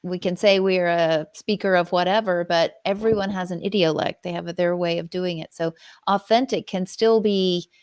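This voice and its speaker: A woman's voice: fairly low pitch, steady tone, normal speed, a little mellow, clean tone, dry recording, clean studio sound. A woman co-hosting a casual podcast, explaining ideas in a thoughtful, careful way. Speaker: co-host, dialect coach.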